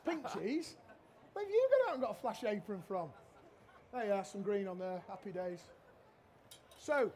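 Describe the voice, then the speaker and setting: A middle-aged chef with a strikingly high voice for a man, running a cooking demo on a trade show stage. He is a cheeky, loud-mouthed joker who teases his helpers and the crowd. Faint hall noise hums behind him. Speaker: chef giving a cooking demonstration. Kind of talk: live cooking demo with banter.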